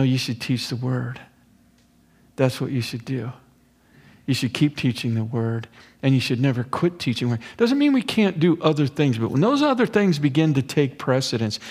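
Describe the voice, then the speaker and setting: A man's voice: medium pitch, darkish tone. A male pastor preaching an expository sermon in an earnest, conversational way with casual asides.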